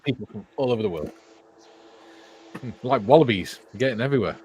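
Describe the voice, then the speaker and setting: A man's voice: medium pitch, expressive, a little fast, darkish tone, slight background noise. An older Welsh man co-hosting a casual livestream, jokily reading out viewer comments with frequent laughs. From Wales. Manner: jokey, reads viewer comments aloud with laughs. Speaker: co-host reading live chat.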